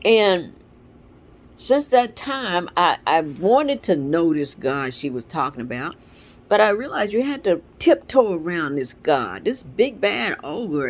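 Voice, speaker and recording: A woman's voice: fairly low pitch, slow. A woman with congested sinuses, talking at home in an earnest, rambling way about her spiritual life on her vlog. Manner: earnest, rambling, animated storytelling. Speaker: vlog host. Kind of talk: casual spiritual reflection. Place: at home with a dog nearby.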